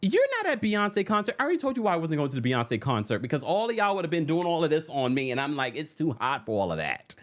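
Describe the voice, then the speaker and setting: A host giving casual pop culture news commentary in a dramatic, animated way, laughing often. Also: medium pitch, fast, hardly any pauses.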